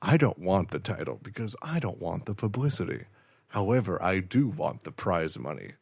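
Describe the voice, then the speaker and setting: A man voicing a cold, menacing female android who delivers threats flat and low. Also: moderate pace, creaky, breathy edge, no echo, studio quality, exaggerated voice. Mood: deadpan menace.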